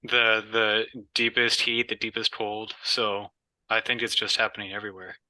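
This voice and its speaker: A man in a study group who speaks haltingly, with many fillers. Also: lowish voice, flat delivery, sharp tone, no room sound, low-quality recording.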